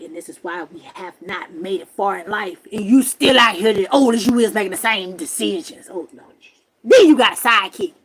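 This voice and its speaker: A woman hosting a livestream, telling a story to her viewers in a loud, profane, exasperated rant from her camper. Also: medium pitch, slight background noise, poor audio. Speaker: livestream host.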